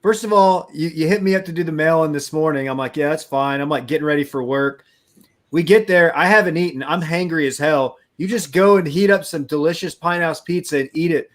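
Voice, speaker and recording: A man's voice: fairly high pitch, fairly quick. A man co-hosting a live show, joking and ribbing his friends in casual chat. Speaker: co-host. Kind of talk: casual banter between friends.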